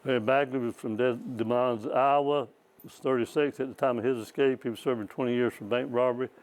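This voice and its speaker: An older man with a drawl tells a long story in a library presentation. He rambles in a folksy way, stumbling over his words and chuckling at his own tales. His pitch sits right in the middle for a man. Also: steady tone, fast, low-quality recording. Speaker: former state trooper giving a presentation. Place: small public library talk.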